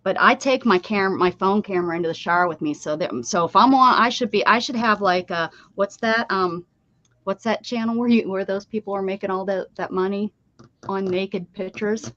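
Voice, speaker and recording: A Pennsylvania woman chats and rambles with friends during a casual craft livestream, laughing often as she works. Her medium-pitched voice is a bit bright and moves at normal speed. The dry recording sounds slightly dull, coming from a desk setup with the camera pointed downward.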